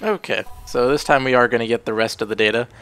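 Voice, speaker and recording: A man's voice: mid-range voice, quick pace, a bit bright, soft background music. A young man commentating a game he is playing, sounding sick and groggy with a morning voice, rambling and correcting himself as he goes. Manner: rambling, self-correcting, easygoing. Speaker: let's play host. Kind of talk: casual gameplay commentary.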